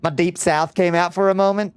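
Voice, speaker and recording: A man's voice: high-pitched, fairly even intonation, fairly quick, clear, resonant tone. Chatty young male game streamer. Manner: chatty, answers chat, laughs easily. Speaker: VTuber streamer. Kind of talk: live-stream gameplay commentary.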